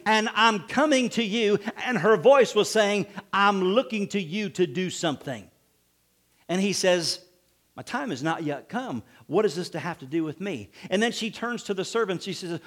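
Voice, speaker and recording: A man preaching a sermon as pastor, animated, with frequent calls of amen and acted-out quotes. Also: sits high.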